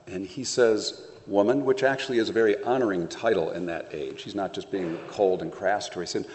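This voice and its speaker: A man's voice: low voice, fairly quick, a little mellow. Man preaching in an echoing hall. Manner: conversational, playful storytelling with acted asides. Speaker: pastor. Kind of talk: sermon.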